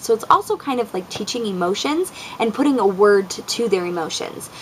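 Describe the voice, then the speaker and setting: A woman's voice: medium pitch, expressive, brisk, few pauses, a bit bright, slight background noise, rough recording. A young woman talking casually about parenting tips, with frequent ums and likes, often acting out what she says to her kids. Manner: chatty, lots of ums and likes, acts out quotes. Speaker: parent vlogger. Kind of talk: casual advice talk.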